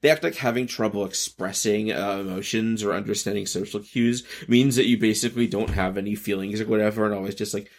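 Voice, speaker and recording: A man in his thirties talks through a loose podcast monologue with a low, gravelly voice. He stops and restarts often and swings between bursts of energy and quieter, subdued stretches. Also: fairly even intonation. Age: 30s. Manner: halting, self-interrupting, shifts between high energy and subdued. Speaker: podcast host. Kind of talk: rambling casual monologue.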